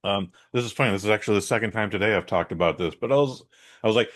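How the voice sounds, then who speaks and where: Lowish-voiced man, lively storyteller. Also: racing. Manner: animated storyteller, swears freely, acts out quotes. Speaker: podcast co-host. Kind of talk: casual chat.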